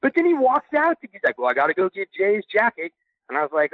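A man telling a backstage story in a casual, animated way, acting out the things people said to him. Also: high-pitched, fast, dry recording. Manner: animated, acts out quoted dialogue. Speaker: guest recounting backstage experience. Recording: tinny phone line.

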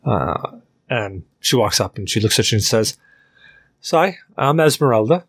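A man's voice: fairly low pitch, moderate pace, a bit bright, breathy edge. A young man narrating a tabletop game as game master, rambling with lots of fillers and laughter.

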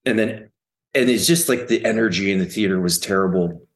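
A man's voice: deep voice, fairly quick. A middle-aged man, a guest on an interview podcast, laid-back and humble, laughing often. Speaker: actor guest. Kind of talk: casual interview chat.

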